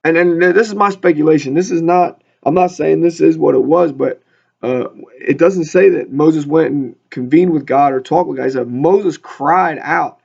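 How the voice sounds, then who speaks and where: Gravelly man leading casual Bible study. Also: fairly high pitch, normal speed, darkish tone. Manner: chatty, reads scripture then riffs with humor. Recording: dull lo-fi recording.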